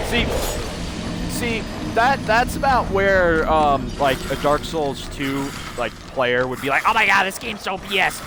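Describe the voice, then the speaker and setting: A man's voice: a little high, background noise. A man ranting loosely while playing a game, rambling and often restarting his sentences. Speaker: gaming video creator. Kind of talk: unscripted gameplay rant.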